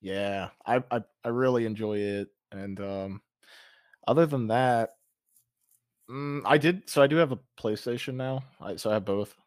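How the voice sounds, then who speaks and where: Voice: medium pitch, a little slow, a little mellow, no room sound. A podcast guest chatting in an easy, agreeable way, answering briefly and laughing readily. The recording is dry and close, with no room sound. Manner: agreeable, laughs easily, many short replies. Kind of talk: casual chat.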